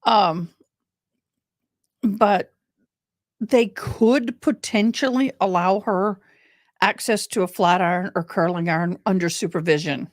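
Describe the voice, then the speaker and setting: A woman's voice: medium pitch, takes it slowly, long pauses, no room sound, clean studio sound. A woman hosting casual crime commentary, chatty and rambling, often going off on tangents.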